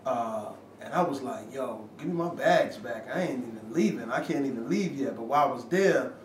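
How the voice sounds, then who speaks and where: A rapper spins a story after an interview, his medium-pitched voice lively in intonation and moderate in pace, mixing casual slang, performed quotes and swearing. He's filmed in a room on a handheld camera. Echo, distance and faint ambient noise mark the audio.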